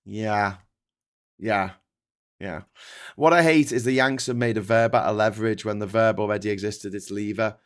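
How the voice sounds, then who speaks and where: His voice is on the low side and his pace normal, with a British English accent. The fifty-something host of this casual live stream reads out viewer comments and goes on rants packed with swearing and restarts.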